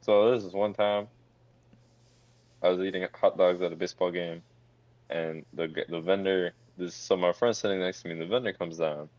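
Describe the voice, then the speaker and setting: A man's voice: low voice, fairly even intonation, moderate pace, darkish tone, no room sound. A young man on a casual podcast, animatedly telling a funny story. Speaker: podcast co-host. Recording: dry, dull lo-fi mic.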